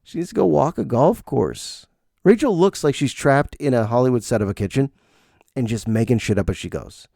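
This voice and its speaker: Gravelly, animated middle-aged man. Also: medium pitch, moderate pace, no echo, studio quality. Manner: rambling, self-deprecating, animated. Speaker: podcast host. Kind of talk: comedic solo monologue.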